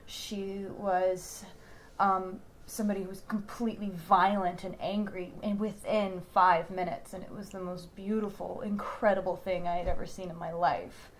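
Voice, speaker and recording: A woman's voice: medium pitch, normal speed, a little hiss or hum. A young woman from Houston, Texas, an actress talking casually in an interview, telling stories with lots of fillers and laughs. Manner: animated storyteller, many fillers and laughs.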